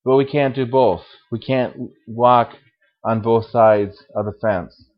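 A man's voice: medium pitch, slow pace, highs cut off. A man preaching a sermon as pastor, earnest, asking his listeners questions along the way. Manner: earnest, asks the audience questions.

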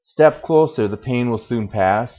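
A man voicing a calm male stranger bringing fire, speaking steadily and with gentle invitation, read aloud during a sermon. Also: medium pitch, measured pace, muffled recording, lightly acted.

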